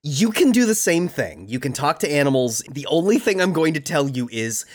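Animated, swooping gaming podcast host. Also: medium pitch, normal speed. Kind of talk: casual gaming podcast chat.

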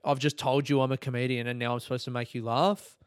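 A man's voice: medium pitch, level tone, fast, clean tone, dry recording, studio quality. Swearing, rambling male comedian. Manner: swearing, rambling, laughs at his own jokes. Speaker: comedian and podcast host. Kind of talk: solo podcast monologue.

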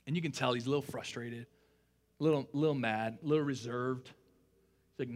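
A young man preaching a sermon in a casual, conversational way, retelling a story with lots of fillers and a hushed voice for the quoted dialogue. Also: medium pitch, brisk, long pauses. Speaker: pastor.

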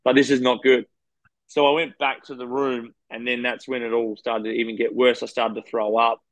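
A man's voice: mid-range voice, little pitch movement, a little fast, no echo, poor audio. An Australian man, a professional cyclist, frankly recounting race stories in a rambling, casual interview. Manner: rambling, frank anecdotes with quoted dialogue.

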